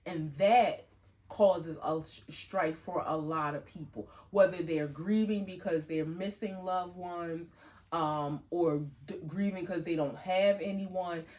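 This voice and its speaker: A middle-aged woman co-hosting a relaxed podcast chat. Her voice sits a little low, and she tells stories with animation. She acts out quoted lines with a lift in her voice. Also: slow. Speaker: podcast co-host. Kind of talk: casual chat.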